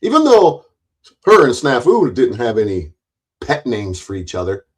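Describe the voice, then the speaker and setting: A man in the middle of a heated livestream rant, swearing freely and mocking his critics with sarcasm. His delivery is loud and forceful, and he calls it passion rather than anger. His voice sits at an ordinary middle pitch for a man. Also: huge pitch swings, normal speed, breathy edge. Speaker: YouTube channel owner.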